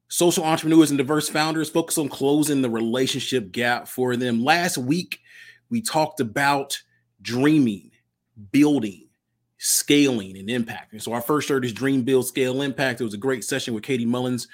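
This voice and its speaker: A man hosting his own podcast, giving an upbeat motivational talk and repeating key phrases for emphasis. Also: medium pitch. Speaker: podcast host and nonprofit founder. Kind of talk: solo podcast monologue.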